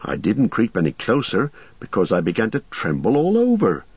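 A man's voice: on the low side, wildly swooping pitch, normal speed, slightly rough, dry recording, exaggerated voice. Merry, a breathless shaken hobbit, as a man reads him. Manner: urgent, tumbling storytelling. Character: shaken young male hobbit, breathless and jittery. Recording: slightly muffled recording.

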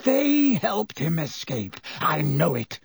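A man's voice: on the high side, expressive, takes it slowly, gravelly, a bit bright, slightly rough, dry recording, studio quality, exaggerated voice. A man doing a roaring, furious teacher. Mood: frantic. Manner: roaring and howling. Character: furious, bitter male teacher.

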